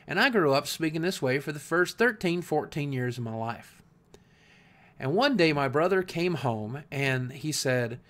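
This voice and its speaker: A man's voice: on the high side, lively intonation, measured pace, a bit bright. A man from Southwest Virginia with a slight Southern US accent, talking candidly to camera as a YouTube creator in an earnest, reflective way, often restarting and repeating words. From Southwest Virginia, USA. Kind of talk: candid talking-head monologue.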